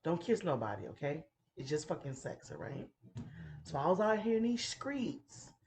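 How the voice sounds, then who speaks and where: This woman in her thirties is a podcast host sharing an uncensored, profane story on an easygoing chat show. Her voice is low and darkish, swinging widely in pitch at a normal speed, and she laughs frequently in a playful manner. Some background noise can be heard.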